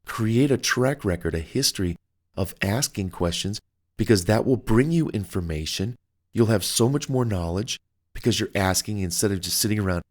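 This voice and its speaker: A man talks through his self-help audiobook in an upbeat, conversational coaching tone. His voice sits fairly low, and he speaks as if chatting straight to the listener. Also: normal speed. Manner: conversational, acts out quoted phone calls. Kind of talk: motivational audiobook talk.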